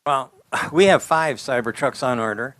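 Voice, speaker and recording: An older man, an automotive engineering expert, giving blunt, folksy interview answers and getting animated when he tells a story. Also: medium pitch, moderate pace, no echo.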